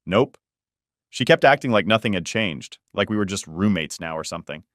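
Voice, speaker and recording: Low-voiced man narrating a story. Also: animated, moderate pace, fairly bright tone, no room sound, clean studio sound. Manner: conversational, exasperated storytelling. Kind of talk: first-person story narration.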